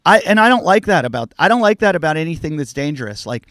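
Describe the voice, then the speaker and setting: A man's voice: on the high side, big pitch swings, fast, fairly bright tone, dry recording, studio quality. A middle-aged man hosting a casual podcast chat, telling candid stories and swearing freely. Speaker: podcast host.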